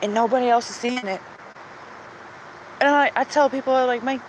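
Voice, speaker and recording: A woman's voice: on the high side, moderate pace, long pauses, slight background noise, poor audio. A woman talking earnestly and emotionally in a rambling personal monologue, pleading at times. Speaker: vlogger sharing religious visions.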